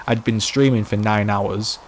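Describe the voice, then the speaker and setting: Rambling young man streamer, low voice. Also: fairly even intonation, a little slow, a little hiss or hum. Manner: rambling, repeats and restarts himself, many "like" fillers. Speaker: game streamer. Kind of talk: casual live-stream chat while playing.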